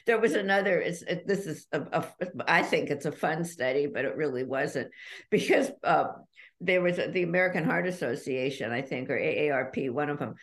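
Gravelly low-voiced woman author. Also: fairly quick. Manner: candid, self-deprecating, laughs easily. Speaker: author guest. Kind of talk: casual podcast interview.

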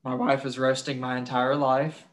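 A man's voice: mid-range voice, level tone, normal speed. A young man co-hosting a casual true-crime podcast, crude and swearing freely, laughing while he tells grim facts. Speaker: podcast co-host.

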